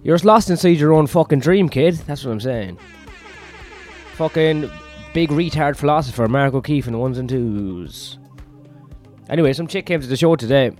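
A tired, run-down comedian hosts a rambling solo podcast, crude and self-mocking and swearing constantly. His voice is on the high side with lively intonation, normal speed and a darkish tone, with faint music in the background.

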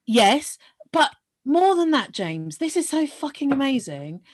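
A woman's voice: high voice, sing-song, a little slow. A woman co-hosting a podcast, chatting casually and animatedly about a film, swearing freely and talking over her partner. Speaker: podcast co-host.

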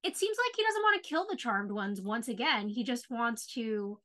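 A woman co-hosting a podcast, chatting casually about a TV show in an animated, opinionated way and saying "like" often. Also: a little high, normal speed. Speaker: podcast co-host.

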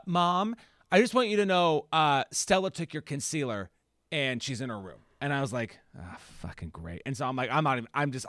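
A woman in her thirties co-hosting a film podcast, telling stories with lots of swearing and quick restarts. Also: low-pitched, no echo, studio quality. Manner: animated storyteller, swears freely. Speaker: podcast co-host. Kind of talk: casual film discussion.

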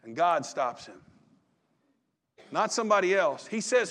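A man's voice: sits high, sing-song, a little slow, fairly bright tone. A pastor preaching a sermon in a folksy, conversational way, acting out the quotes he reads.

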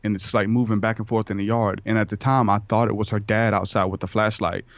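A man's voice: lowish voice, little pitch movement, quick pace, dry recording. A man, a podcast guest, telling a rambling personal story in a casual way and acting out the dialogue. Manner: rambling, acts out quoted dialogue. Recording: dull lo-fi sound.

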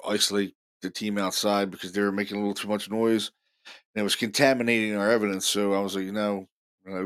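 A man hosting a paranormal show, telling stories casually in an excited, rambling way full of fillers and restarts. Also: lowish voice. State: deaf in left ear. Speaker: paranormal podcast host. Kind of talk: casual storytelling monologue.

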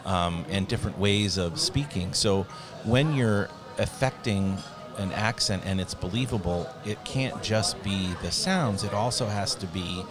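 A man co-hosting a podcast, talking in a slow, thoughtful way in casual chat. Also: fairly low pitch, over music. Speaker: podcast co-host.

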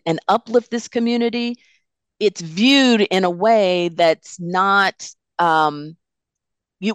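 Smooth-voiced woman host. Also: fairly low pitch, dry recording. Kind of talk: hosting a panel discussion.

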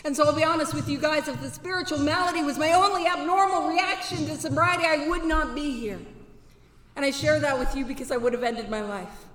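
A woman's voice: sits high, brisk, fairly bright tone, a little hiss or hum. A woman giving a candid personal testimony at a banquet, earnest and direct, sometimes breaking into sudden whooping bursts. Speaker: recovery speaker at a banquet. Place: banquet hall. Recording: echoey hall with long reverb.

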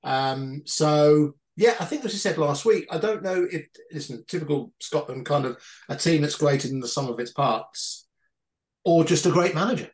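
A man's voice: a little high, normal speed, poor audio. A man co-hosting a football podcast in casual chat, giving rambling, hesitant opinions. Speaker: podcast co-host.

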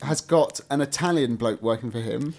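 A man's voice: medium pitch, normal speed, gravelly, a little mellow. A British man co-hosting a podcast in casual chat, with dry, wry humour. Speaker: podcast co-host.

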